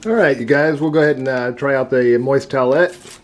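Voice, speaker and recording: This man reviews food casually, speaking through mouthfuls as he chews. He has a medium pitch and a brisk delivery.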